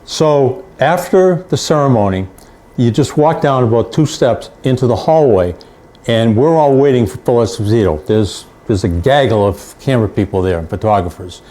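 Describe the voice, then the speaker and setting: An older male sports reporter spins his stories with an anecdotal, repetitive flow. His voice is mellow and dark. His pitch sits in an average range for a man. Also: expressive, normal speed. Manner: anecdotal, repeats phrases for emphasis. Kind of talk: storytelling.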